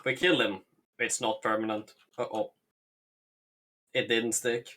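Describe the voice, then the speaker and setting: A man co-hosting a stream, chiming in with deadpan one-line quips. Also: medium pitch, a little slow. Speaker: stream co-host. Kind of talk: casual comedic commentary.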